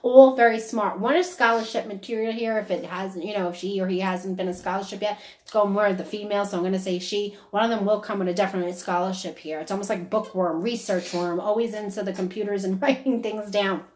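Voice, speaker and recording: Woman medium giving a conversational reading; chatty, animated quoting, recorded in a reverberant room. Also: medium pitch, quick pace, hardly any pauses, slight background noise. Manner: chatty, relays quotes in lively bursts with frequent laughs. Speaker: psychic medium. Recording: echoey room.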